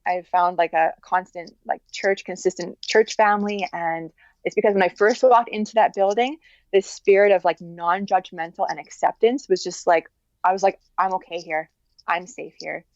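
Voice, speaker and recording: Earnest woman guest, halting and candid. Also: on the low side, a little mellow, no echo, dull audio. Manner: earnest, talks in halting restarts with many likes. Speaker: interview guest. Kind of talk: candid personal interview.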